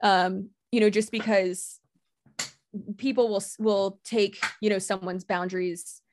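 A woman's voice: medium pitch, steady tone, unhurried, background noise. A woman talking casually and bluntly as a podcast guest, assertive, swearing freely and laughing often. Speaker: guest content creator.

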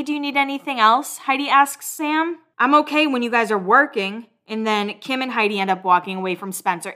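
A woman's voice: mid-range voice, a bit bright. A woman hosting a podcast, recapping a reality show in a casual, gossipy way, swearing freely. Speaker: podcast host.

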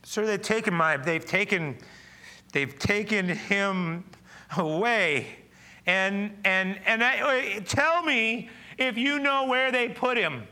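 A grieving woman at an empty tomb pleads in broken, halting phrases, as a male preacher acts her out. The voice climbs noticeably high and sounds bright and strained. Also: animated, exaggerated voice. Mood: distraught pleading.

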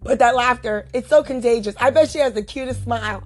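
A woman's voice: fairly high pitch, fairly quick, soft background music. A woman hosting her own podcast late at night, sleepless and chatting casually while she keeps breaking into helpless giggles. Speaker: podcast host. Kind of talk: solo podcast chat.

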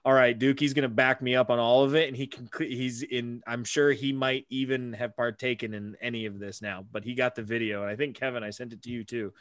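Podcast host, male dad, mid-pitched, animated storyteller who curses freely, dry recording. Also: fairly quick, few pauses, dry recording. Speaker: father. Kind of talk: casual podcast chat.

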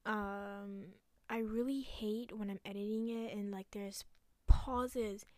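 A young woman hosting a solo podcast, ranting angrily with lots of swearing and some hushed, whispered asides, recorded at home. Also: medium pitch, fairly even intonation, slow pace, no echo. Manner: angry, profane, dips into hushed asides. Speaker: podcast host. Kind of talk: casual solo podcast rant.

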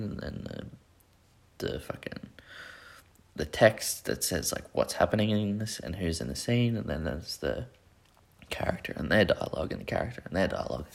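A man's voice: on the low side, gravelly. A young man hosting a podcast, rambling casually with plenty of swearing and self-deprecating asides. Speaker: podcast host. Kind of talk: casual solo chat.

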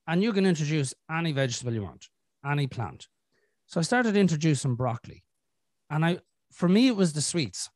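Man, podcast host, lively swinging pitch, candid casual storytelling, dry close sound. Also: no room sound. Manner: candid, animated storytelling with frequent swearing. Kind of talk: casual conversation.

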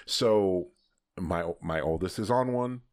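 A man's voice: low-pitched, slow pace, a little mellow. A man hosting a podcast, telling a candid personal story in a casual conversation, often laughing as he talks. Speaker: podcast host.

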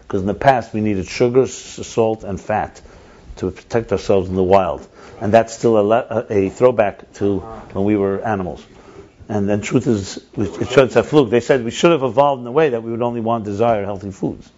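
Animated man telling stories, dull lo-fi sound. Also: on the low side, fairly quick. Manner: animated, restarts and repeats words. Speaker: lead speaker in a group discussion. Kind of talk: casual discussion and storytelling. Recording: dull lo-fi recording.

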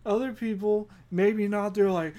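A woman's voice: medium pitch, steady tone, measured pace, mellow. A woman hosting a podcast, telling a rambling comedic story with lots of giggles. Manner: giggly, rambling, self-mocking. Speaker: podcast host.

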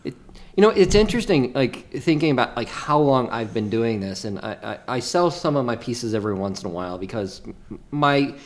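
A man's voice: mid-range voice, expressive, brisk. A man co-hosting a podcast, talking in a rambling, casual way. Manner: rambling, meandering. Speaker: podcast co-host. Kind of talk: casual chat.

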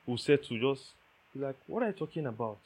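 A man delivers a sermon in a husky, slightly rough voice. He preaches with emphasis and repeats his key lines. He keeps checking that his listeners follow him. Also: mid-range voice, animated, a little fast, darkish tone. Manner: emphatic, repeats key phrases, asks the audience "do you understand".

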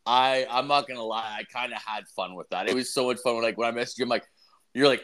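A man's voice: medium pitch, steady tone, fast talker, a bit bright. A young man co-hosting a podcast, rambling and swearing constantly as he retells a story, jumping into a raised voice for the quotes. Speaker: podcast co-host. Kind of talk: casual profane chat.

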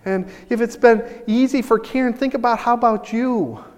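High-voiced, animated preacher in a reverberant hall. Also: male voice, normal speed, muffled recording. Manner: animated, excitable preaching with many restarts. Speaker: pastor. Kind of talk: sermon. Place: church sanctuary.

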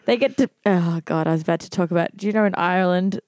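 A woman's voice: fairly low pitch, noisy background. A woman co-hosting a casual podcast, giggling and restarting her sentences as she chats. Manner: giggly, quick to laugh and restart. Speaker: podcast co-host. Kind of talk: casual chat.

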